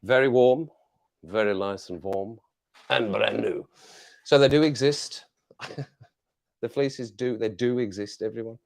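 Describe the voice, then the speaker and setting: A man's voice: on the low side, a little slow, gravelly, pauses often, darkish tone. An English man hosting a casual live chat with viewers from his home desk, jokey and rambling, laughing often, on a clip-on mic. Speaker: livestream host.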